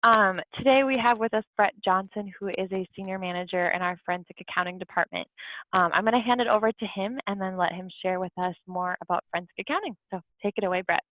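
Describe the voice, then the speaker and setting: A woman hosting a webinar, introducing a speaker in a brisk, friendly way. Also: medium pitch, no echo, phone-quality sound. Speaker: webinar host. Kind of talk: brief event introduction. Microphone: video call.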